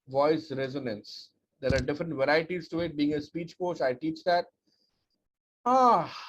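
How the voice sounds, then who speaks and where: A man giving an energetic, emphatic webinar talk as a speech coach, with lots of rhetorical repetition. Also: fairly high pitch. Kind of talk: webinar presentation. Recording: dull lo-fi audio with faint noise.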